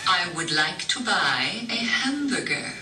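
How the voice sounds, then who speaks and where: An actor playing a patient male accent coach who repeats words slowly and breaks them apart, heard as echoey film audio from far off. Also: sits high, very animated, sharp tone, faint music behind, full character voice.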